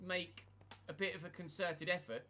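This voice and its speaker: A man's voice: high voice, fairly even intonation, normal speed. A man streaming a football career game, commenting casually with a chatty, wry manner and answering his chat.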